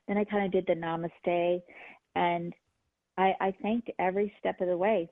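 A middle-aged woman, a guest, telling her personal story in an earnest, halting way with many restarts. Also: lowish voice, steady tone, no room sound. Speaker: guest, healer and medium. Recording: phone-line sound, dry.

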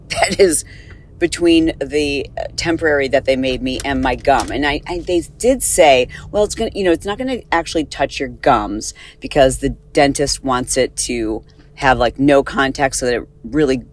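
A woman's voice: very deep voice, normal speed, rough recording. Chatty woman with a slight lisp. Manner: chatty, rambling, animated. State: slight lisp from dental work. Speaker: podcast host. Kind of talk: casual chat, recorded on the go. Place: in a car.

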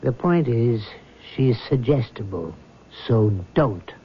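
Cast: a clinical, dismissive doctor, mid-range voice, muffled old radio sound with faint hiss. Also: male voice, medium pitch, lively intonation, slow pace. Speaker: hospital doctor. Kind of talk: 1970s radio drama acting.

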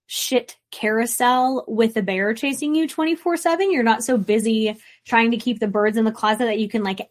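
A woman therapist hosts her podcast in a loose, chatty way. She is blunt and swears freely, and her voice sits a little high as she tosses off playful asides. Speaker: licensed therapist, podcast host. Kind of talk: casual podcast monologue.

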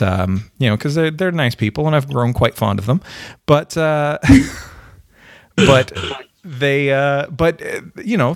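A Canadian man chatting casually on a podcast, pausing often with ums and restarts. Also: medium pitch, no room sound, clean studio sound. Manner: hesitant, many ums and restarts. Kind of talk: casual chat.

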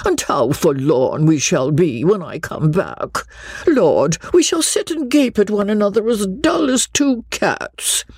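A woman's voice: medium pitch, sing-song, unhurried, darkish tone, breathy edge, no echo, pitched above the performer's own voice, heavily acted. A woman reading an audiobook, voicing a chatty, gossipy older widow who exclaims effusively.

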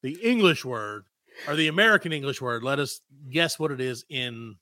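A man's voice: medium pitch, expressive, normal speed, sharp tone, dry recording, clean studio sound. A man hosting a podcast, teasing his co-host, joking and swearing. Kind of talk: casual podcast banter.

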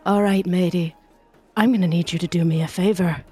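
A woman's voice: lowish voice, steady tone, brisk, darkish tone, soft background music, voice pushed down, natural voice. A woman playing a sweet-talking gunslinger woman. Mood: menacing. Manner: sugary and threatening, calls people matey and dear. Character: gun-toting woman adventurer, sweet-talking but menacing.

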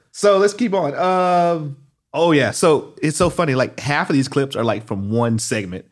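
A middle-aged man hosting a casual podcast chat, animated and laughing often. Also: fairly high pitch, measured pace. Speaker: podcast host.

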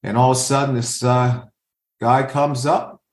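A man's voice: medium pitch, fairly even intonation, measured pace. An older man working as a scout, answering interview questions with anecdotes and acting out what other people said. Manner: storyteller who acts out others' lines. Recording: roomy echo.

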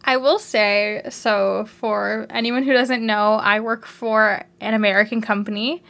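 A woman's voice: mid-range voice, fairly even intonation, measured pace, gravelly, fairly bright tone. A Canadian woman co-hosting a podcast, chatting casually and laughing often. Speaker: podcast co-host. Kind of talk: casual chat.

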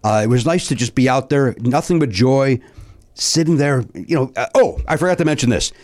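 A man's voice: mid-range voice, a little fast. Chatty middle-aged man telling a story. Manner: animated storytelling, many fillers and restarts. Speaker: podcast guest. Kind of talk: casual chat, telling a story.

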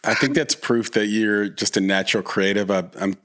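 Brief: podcast host, very low male voice, rambling and restarting, many ums. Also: normal speed, a bit bright. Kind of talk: casual interview.

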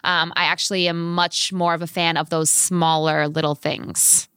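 A woman's voice: on the low side, normal speed, clear, resonant tone, no room sound, clean studio sound. A woman in her thirties, a fitness instructor, telling stories animatedly as a guest in a podcast interview. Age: 30s. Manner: animated, vivid storyteller.

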